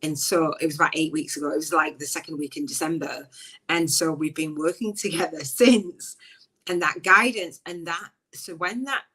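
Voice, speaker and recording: A woman hosting a live podcast, chatting casually and emotionally, rambling with restarts and breaking into high laughs. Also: moderate pace, bright, forceful tone, slightly rough, rough recording. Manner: frequent high bursts of laughter. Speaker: podcast host. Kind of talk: casual live-stream chat.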